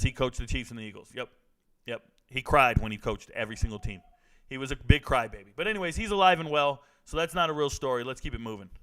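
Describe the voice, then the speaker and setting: A man's voice: medium pitch, fairly bright tone, clear, resonant tone, poor audio. A middle-aged man hosting a casual commentary vlog, brash and joking as he talks straight to his viewers. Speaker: sports and trends commentator.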